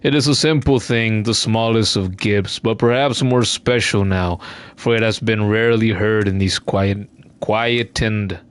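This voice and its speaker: A man's voice: fairly low pitch, steady tone, smooth, no echo, pitched below the performer's own voice, natural voice. A man doing a frail old bug conductor. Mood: mournful. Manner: slow, formal, mournful delivery. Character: sickly aged bug conductor, bedridden, solemn. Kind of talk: reading game dialogue aloud.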